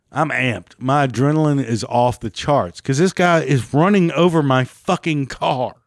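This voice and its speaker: A man angrily retelling a story, swearing heavily and pitching up when worked up. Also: no echo, clean studio sound. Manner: heated, heavy swearing, rising pitch when agitated. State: still angry about the event. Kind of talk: angry personal storytelling.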